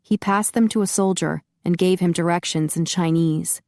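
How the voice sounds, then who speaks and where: A woman narrating a paranormal romance audiobook in a steady, even storytelling manner. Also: lowish voice, normal speed, no room sound, studio quality. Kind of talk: scripted narration.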